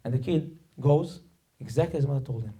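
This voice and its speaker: A man's voice: medium pitch, brisk, mellow, slightly rough. A male rabbi giving a sermon, emphatic and dramatic, telling stories and acting out the voices in them. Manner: acts out quoted voices.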